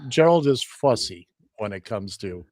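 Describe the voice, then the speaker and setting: A man hosting a casual radio talk show, rambling with a dry humor and plenty of halting fillers. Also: lowish voice, animated, a little mellow.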